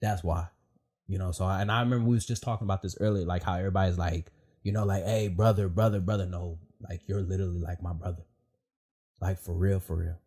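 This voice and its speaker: A man with a low, slightly husky voice hosts a podcast. He tells stories in an animated, emotional way, full of fillers and casual swearing. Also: fast. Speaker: podcast host. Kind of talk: casual heartfelt chat.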